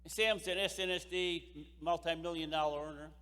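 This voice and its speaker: A man's voice: on the high side, fairly even intonation, normal speed, fairly bright tone. A man giving an impassioned motivational speech at a sales convention, driving points home by repeating phrases. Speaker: keynote speaker at a sales convention. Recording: echoey hall reverb.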